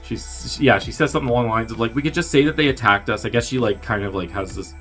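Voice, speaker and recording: A man's voice: medium pitch, fast, fairly bright tone, faint music behind. A man hosting a movie review show, casually recapping a film in a rambling, wry, filler-heavy way. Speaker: movie review podcast host.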